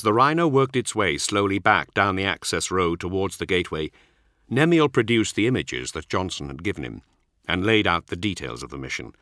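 A man narrating an audiobook in a steady, measured reading. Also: sits low, no room sound, studio quality.

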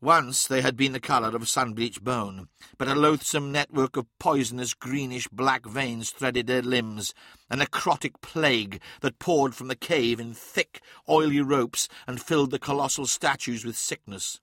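A man reading an audiobook in a measured, dramatic way. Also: medium pitch, bright, forceful tone, no echo, clean studio sound. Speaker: narrator. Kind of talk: scripted audiobook narration.

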